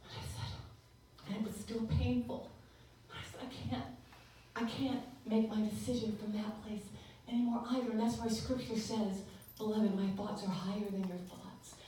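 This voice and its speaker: A woman giving a lively church talk, telling a story with animated voices and leading call-and-response with the congregation. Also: medium pitch, slight background noise. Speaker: guest speaker and singer. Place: large church sanctuary. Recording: echoey live church recording from far off.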